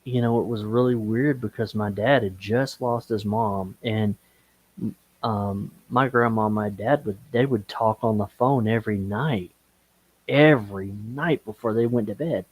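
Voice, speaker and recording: A man on a live stream call, telling a personal story slowly and with feeling. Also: fairly low pitch, husky. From Okeechobee, Florida. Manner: slow, emotional storytelling, breaks into singing gospel and country songs. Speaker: guest.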